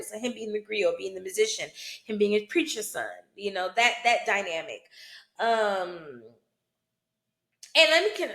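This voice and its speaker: A fairly high-voiced woman talks through a film in a relaxed, conversational way, often tossing in "you know" and "right?". She speaks as a root worker. Her voice rings off the walls of an echoey room. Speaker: hoodoo root worker and vlogger. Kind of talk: casual film commentary.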